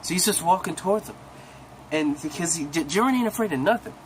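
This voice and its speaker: A young man excitedly retelling an anime episode in a casual, rambling way full of slang, coughing now and then. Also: high-pitched, quick pace, a little hiss or hum, low-quality recording. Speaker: recap host.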